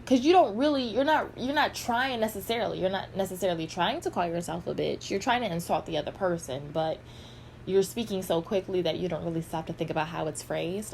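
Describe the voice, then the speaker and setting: A woman's voice: medium pitch, gravelly, a little mellow, slight background noise. A woman giving blunt, sassy, heavily profane commentary in a vlog. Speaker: pop culture commentator.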